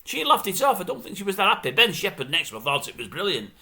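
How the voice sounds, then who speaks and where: A man ranting about television in a loose, opinionated way. His voice sits high and sounds very bright and sharp, and his pitch swings widely as he grumbles. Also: quick pace, creaky. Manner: grumbling, animated, mimics others' voices. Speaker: showbiz commentary vlogger. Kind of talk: casual opinionated rant.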